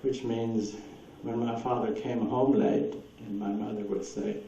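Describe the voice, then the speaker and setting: A man's voice: medium pitch, level tone, a little slow, warm tone. A man speaking at a talk, telling rambling stories and answering audience questions with frequent laughter. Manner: rambling anecdotal storyteller, laughs often. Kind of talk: lecture with audience Q&A. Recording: distant echoey room, dull lo-fi with hiss.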